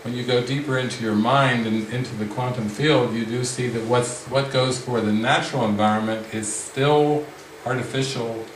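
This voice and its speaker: A man leading a spiritual retreat discussion, speaking slowly and reflectively with frequent restarts. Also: medium pitch, fairly even intonation, a little hiss or hum. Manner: slow, reflective, many restarts. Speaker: spiritual teacher. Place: retreat room with a group. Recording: roomy sound from the mic's distance.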